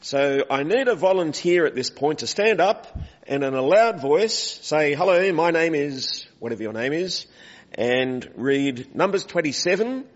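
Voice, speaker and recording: A man preaching a conversational sermon in a church, asking the congregation questions and calling for volunteers. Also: a little high. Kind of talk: interactive sermon. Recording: dull recording with long hall reverb.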